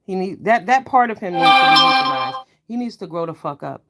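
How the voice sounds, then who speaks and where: A woman ranting to her viewers in a blunt, profane, heated way, swinging from low mutters to loud outbursts. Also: expressive, brisk, over loud music. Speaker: online commentator. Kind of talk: ranting commentary vlog.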